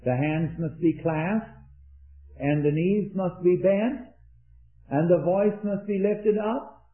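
A man preaching an earnest sermon, rising to emphatic peaks and dropping into quiet anecdotes. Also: high-pitched, takes it slowly. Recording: echoey, tinny old sermon recording.

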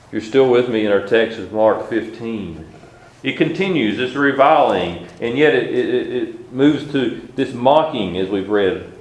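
A man's voice: medium pitch, animated. Preacher man in an echoey room. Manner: reads scripture aloud in old-style wording, slow and measured. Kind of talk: sermon.

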